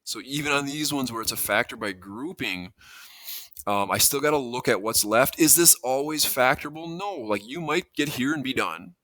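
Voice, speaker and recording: Bright-voiced male math teacher. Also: mid-range voice, animated, moderate pace, no echo. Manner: conversational, thinking aloud with self-corrections and asides. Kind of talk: classroom lesson walkthrough.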